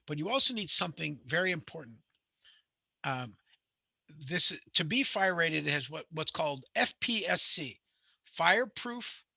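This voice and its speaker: A man's voice: a little high, creaky, pushed and bright, dry recording. A middle-aged man, teaching a home inspection class in a rambling, conversational way, full of fillers and restarts. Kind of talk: classroom lecture with anecdotes.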